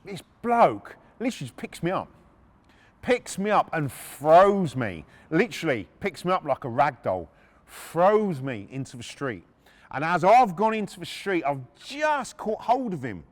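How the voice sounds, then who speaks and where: A man's voice: a little high, very animated, unhurried, big-room sound. A middle-aged man hosting a podcast, telling a true story in a blunt, casual way, swearing freely and often restarting his sentences. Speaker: podcast host.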